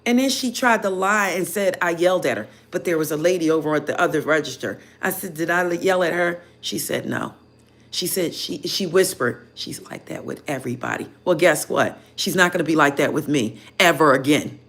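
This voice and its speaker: A woman's voice: low-pitched, moderate pace. Chatty woman telling a heated story. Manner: animated, chatty, heated when retelling; frequent "you know" fillers. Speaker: tarot reader. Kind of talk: casual storytelling to viewers.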